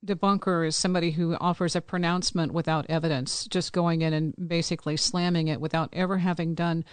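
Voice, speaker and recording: Woman, interview host, smooth clear voice, dry sound. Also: on the low side, level tone, fast talker, no room sound. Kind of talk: interview conversation.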